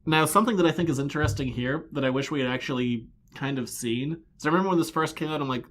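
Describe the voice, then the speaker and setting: A man co-hosting a podcast, recapping comics in casual chat with a dry, deadpan manner and acting out the characters' lines. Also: a little high, quick pace, hardly any pauses. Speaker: podcast co-host.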